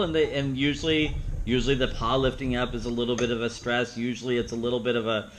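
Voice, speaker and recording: A man's voice: mid-range voice, fairly even intonation, fast talker, fairly bright tone, slight background noise, poor audio. A man teaching a dog training seminar, plain-spoken, who acts out the dog's thoughts in playful asides. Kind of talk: seminar teaching with live demonstration.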